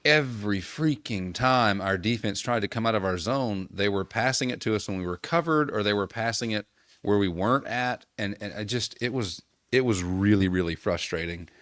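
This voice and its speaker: A man co-hosting a casual podcast, talking quickly and wryly, venting with exasperation about his team. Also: lowish voice, fairly bright tone, no echo, clean studio sound. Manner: quick, wry, vents with exasperation. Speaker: podcast co-host, hockey player. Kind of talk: casual banter.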